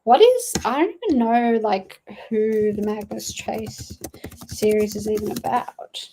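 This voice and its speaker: A woman's voice: on the high side, measured pace, dark tone, slight background noise, poor audio. A young woman chatting casually on a livestream, greeting viewers and rambling about her reading goals with plenty of fillers, from her dad's study at home. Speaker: livestreaming booktuber.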